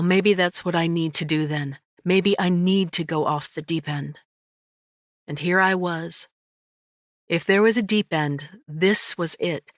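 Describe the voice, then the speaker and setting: A woman narrating a first-person audiobook in a measured, reflective way. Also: low voice, no room sound, studio quality.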